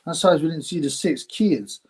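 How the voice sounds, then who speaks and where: Reading viewer comments on his casual live stream, a middle-aged host rambles, laughs frequently, and breaks into mock announcer voices. He speaks at a moderate pace in a slightly high, somewhat mellow voice.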